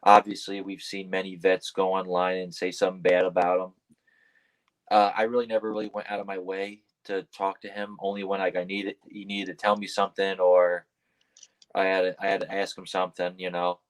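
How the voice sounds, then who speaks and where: A man with a lowish voice rambles through stories as a guest on a casual podcast. He leans on fillers and swears now and then. When he quotes his own startled replies, his voice shoots up. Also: little pitch movement, fairly quick, poor audio. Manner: acts out quoted lines in a high, startled voice. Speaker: wrestler guest.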